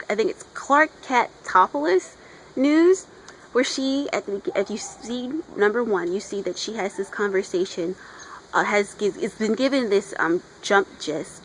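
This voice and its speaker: A woman's voice: medium pitch, a bit bright, slight background noise, low-quality recording. Chatty gushing woman reviewing comics outdoors. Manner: gushing, chatty fan talk with playful voices for characters. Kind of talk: casual video review.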